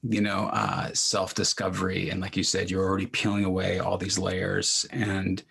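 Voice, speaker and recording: A man's voice: deep voice, level tone, moderate pace, vocal fry, fairly bright tone, breathy edge. A man hosting a podcast, chatting loosely and rambling with lots of fillers. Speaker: podcast host. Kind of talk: casual interview chat.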